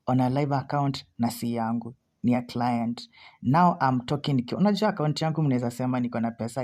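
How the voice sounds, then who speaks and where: A Kenyan woman giving anxious, excitable live commentary as she trades, repeating herself often. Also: a bass voice. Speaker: forex trader streaming live.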